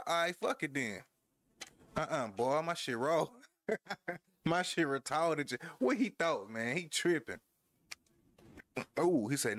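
A man's voice: mid-range voice, expressive, measured pace, a bit bright, no room sound. A man casually commenting on his wrestling game as he plays, trash-talking his opponent, laughing and talking to his viewers. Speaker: gamer. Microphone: headphones headset.

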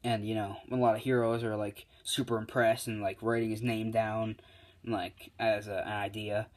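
A man casually retelling a fan story, halting with many fillers and self-corrections. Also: on the low side, level tone.

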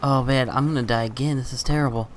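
A man's voice: medium pitch, fairly even intonation, fast, a little hiss or hum, low-quality recording. A man hosting a gaming channel, chatting casually over his gameplay, exasperated and laughing at his own bad luck.

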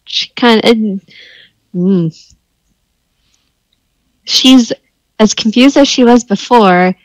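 A woman playing a tabletop role-playing game, describing and speaking as her character in a halting, easygoing way. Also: a little high, dry recording, low-quality recording. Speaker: player.

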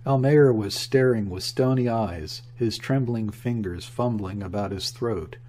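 A man narrating a classic novel in a steady, measured reading. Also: lowish voice, a little hiss or hum. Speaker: audiobook narrator. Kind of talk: scripted narration.

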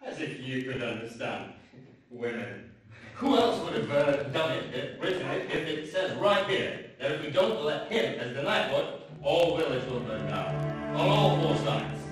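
Male actor as a blustering councillor; high and lively, distant and echoey. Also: normal speed, faint music behind. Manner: blustering, accusing. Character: blustering village councillor, quick-tempered. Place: theater stage. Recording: echoey stage from far off, faint noise.

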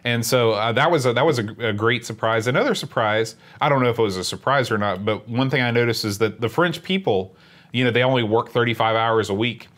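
A man chats casually, in an easygoing, self-mocking way. He has a plain, middle-pitched voice and unhurried phrasing. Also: fairly bright tone. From West Virginia. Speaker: podcast co-host. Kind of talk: casual chat.

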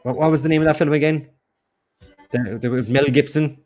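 A man's voice: a little high, steady tone, moderate pace, darkish tone, faint music behind. A man co-hosts a live quiz stream in casual, rambling chat. He teases his partner and often restarts his sentences. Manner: teasing, rambling, many restarts. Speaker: quiz show co-host.

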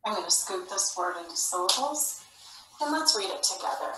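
A woman teaching a phonics lesson to young children, speaking slowly and clearly with an encouraging classroom manner. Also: mid-range voice, lively intonation, pushed and bright, a little hiss or hum. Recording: echoey room, slightly far from mic.

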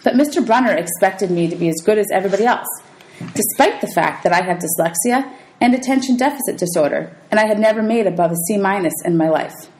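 A woman's voice: animated, fast, a little mellow, low-quality recording. A woman teacher reading a novel aloud to students, lifting her voice for the characters' lines and calling out page numbers. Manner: reads dialogue with raised pitch for characters, calls out page numbers.

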